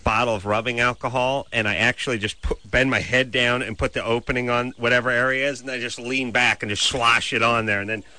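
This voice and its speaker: A man in casual banter as a show host, joking and animated, with his pitch jumping up when he gets excited. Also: fairly quick, few pauses.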